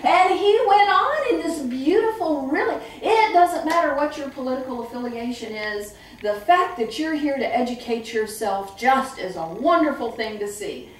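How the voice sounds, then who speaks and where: A middle-aged woman who trains staff at a memory care home, telling lively stories and acting out the voices of people she quotes. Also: high-pitched, moderate pace, few pauses, slight background noise. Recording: echoey room, far from the mic.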